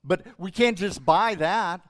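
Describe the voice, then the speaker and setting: A man's voice: high voice, unhurried. A middle-aged male pastor preaching a sermon in an emotional, emphatic way that keeps rising and falling.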